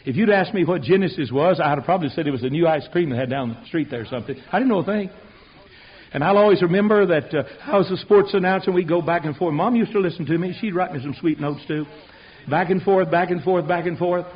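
An older man preaching a sermon, telling folksy stories that swing from quiet asides to loud outbursts. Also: a little high, quick pace, husky. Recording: dull lo-fi radio recording.

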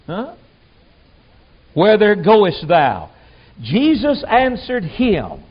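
A man's voice: high voice, very animated, very slow, long pauses, husky. A man preaching a sermon in a folksy, emphatic way, acting out the people he quotes. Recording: dull lo-fi sound.

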